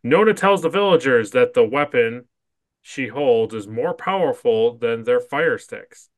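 In a dry recording, a podcast co-host with a medium-pitched, expressive voice speaks a little slowly as he chats casually with a friend. He reads episode summaries aloud, laughs frequently, and stumbles over his words when giving his own views.

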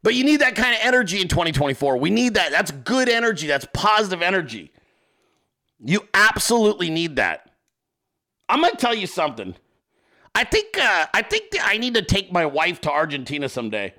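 A male host giving excitable, profane political commentary, laughing often as he talks. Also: high-pitched, a little fast. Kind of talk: casual commentary.

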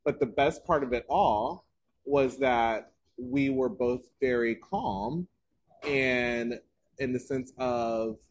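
A man co-hosting a podcast, telling stories in a casual, animated way and laughing often. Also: medium pitch, takes it slowly, a little hiss or hum. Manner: animated storytelling, laughs often, loses his train of thought. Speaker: podcast co-host. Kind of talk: casual chat.

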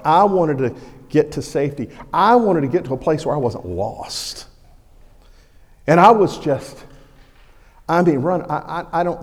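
Middle-aged male pastor, folksy and animated, gravelly tone, long church reverb. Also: fairly high pitch. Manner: folksy, animated storytelling with acted shouts. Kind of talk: sermon storytelling. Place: church sanctuary.

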